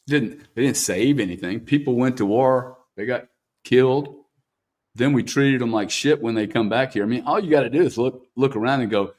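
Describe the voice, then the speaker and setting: A man interviews a guest in a candid, unpolished way. He is blunt and swears freely, and he keeps tagging "man" onto his sentences. His voice sits at a middle pitch.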